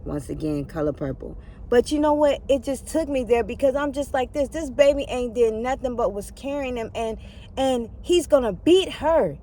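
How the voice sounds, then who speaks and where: A high-pitched woman tells a Bible story casually, breaking off often to talk straight to her listeners. Her delivery is animated and conversational, with faint background noise. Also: moderate pace. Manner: animated, chatty asides to the audience.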